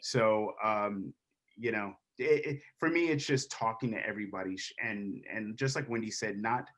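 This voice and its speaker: A man's voice: fairly low pitch, moderate pace, a bit bright. A man who works as a DJ and producer, chatting on an online panel in a friendly way and jumping in to add his points. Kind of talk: panel discussion.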